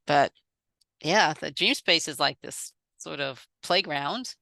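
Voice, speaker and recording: A woman's voice: low voice, slow pace, gravelly, bright, forceful tone, no echo. A woman guest, a dream teacher, explaining her views in a flowing, reflective way. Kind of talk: conversational explanation.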